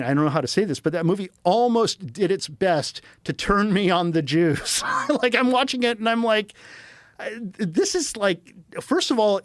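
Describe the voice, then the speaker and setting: Animated middle-aged man telling rambling stories. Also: high-pitched, dry recording, studio quality. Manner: rambling, animated storytelling with quoted asides. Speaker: podcast guest, screenwriter. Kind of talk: casual chat.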